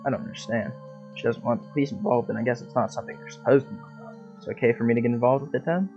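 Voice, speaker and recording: A man reading a story game aloud with expressive, swearing asides, over a dull lo-fi recording with faint game music. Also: mid-range voice, rapid-fire.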